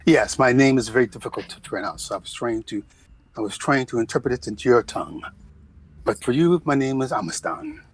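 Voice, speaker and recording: A man's voice: mid-range voice, animated, brisk, husky. A man voicing a composed, noble-born male traveler, speaking formally and courteously in a put-on accent. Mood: explaining.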